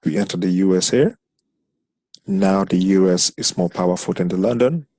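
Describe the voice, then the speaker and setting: Deep-voiced man teaching a trading lesson. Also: moderate pace, darkish tone, no echo. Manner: explains step by step, counting candles aloud. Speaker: trading instructor. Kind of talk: screen-share trading lesson.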